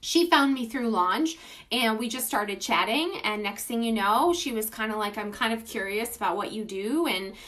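Animated and fairly bright, a woman speaks at normal speed while hosting an informal livestream from her phone. She enthusiastically gushes about her beauty business and says hello to viewers by name.

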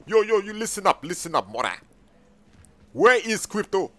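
A young man hosting his channel's game role-play, loud and excitable, slinging slang and calling out to his viewers. His voice is bright and forceful and sits a little high. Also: normal speed. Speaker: channel host.

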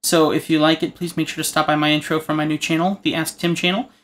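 A man's voice: a little high, level tone, fast talker, a bit bright. A man hosting an art tutorial, talking casually and cracking rambling jokes while he draws. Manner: joking, rambling asides. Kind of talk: casual narration while drawing.

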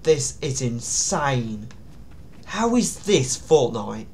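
Man, horror game commentary, unhurried delivery, nervous, startled yelps. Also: mid-range voice. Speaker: gaming YouTuber.

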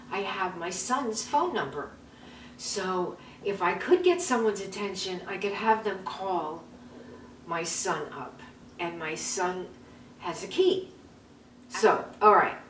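Woman, 70s, vlog host: chatty storyteller, repeats words, recorded at a distance in a roomy room. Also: medium pitch. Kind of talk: casual storytelling. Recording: roomy sound from a distance, faint noise.

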